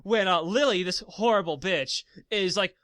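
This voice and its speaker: A man's voice: high-pitched, moderate pace, fairly bright tone, no room sound. A man co-hosting a casual gaming podcast, ranting profanely as he retells a story. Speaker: podcast co-host.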